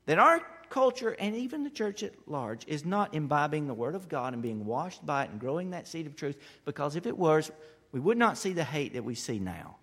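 A man's voice: sing-song, brisk. Impassioned male preacher in a reverberant hall. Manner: impassioned, rising to loud emphatic peaks then dropping low. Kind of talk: sermon.

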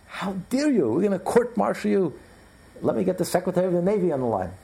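A man doing an enraged shouting naval officer. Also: sits high, very animated, quick pace, creaky, voice pushed up, heavily acted. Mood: furious. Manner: indignant shouting, pompous outrage.

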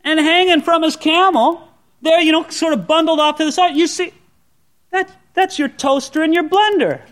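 A male pastor preaching a sermon, telling the story in an animated way and speaking straight to his congregation. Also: extremely high pitch, moderate pace. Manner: animated storytelling, addresses the listener directly.

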